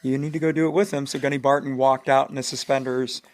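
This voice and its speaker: A man's voice: medium pitch, flat delivery, fast. A man in his thirties, a podcast host, telling old service stories in a casual, laughing chat. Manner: laughing storyteller, swears freely.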